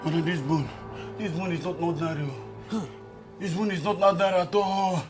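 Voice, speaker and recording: Give me a man playing a stammering Nigerian young man with a high voice, some music behind. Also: steady tone, a little fast, close to an everyday voice. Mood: complaining. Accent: Nigerian English. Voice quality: stammering, pleading. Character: pleading young man in trouble.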